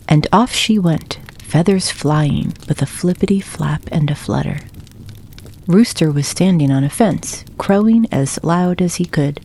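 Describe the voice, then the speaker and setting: Woman, bedtime storybook reading, gentle, hushed, low, husky. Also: measured pace. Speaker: narrator.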